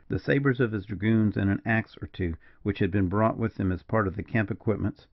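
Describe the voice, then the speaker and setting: A man narrating an old western novel as an audiobook, in a measured storytelling manner. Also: lowish voice, no echo. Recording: dull lo-fi dry recording.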